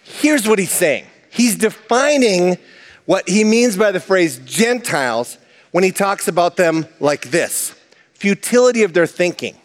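A pastor from Minnesota giving a sermon, animated and conversational, with chatty asides. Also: male voice, high-pitched, a little slow, long reverb tail. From Minnesota, USA.

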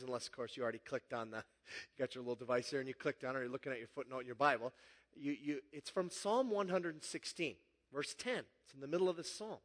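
A man preaching a sermon in a relaxed, joking, conversational way. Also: high voice, in a large hall. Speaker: pastor.

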